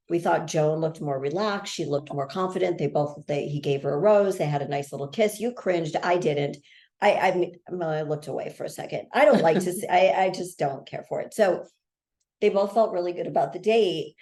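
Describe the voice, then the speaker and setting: A woman in her fifties with a notably low voice, co-hosting a podcast recap. She talks in an easy, emphatic, chatty way. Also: normal speed, a little mellow. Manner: chatty, emphatic, restarts often. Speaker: podcast co-host. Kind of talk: casual recap chat.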